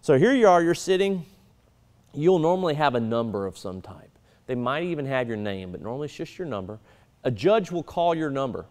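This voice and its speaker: A karate instructor talks his students through tournament etiquette in a firm, coaching way, often checking in with "all right?". His voice sits at an ordinary middle pitch for a man. The sound rings with a long hall reverb. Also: a little mellow. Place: martial arts school, indoors.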